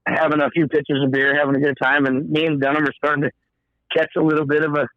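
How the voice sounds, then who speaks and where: A man's voice: on the high side, little pitch movement, fast talker, no echo, dull audio. A man, a podcast guest, telling a story in a casual, profane way and acting out the quoted dialogue. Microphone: podcast microphone.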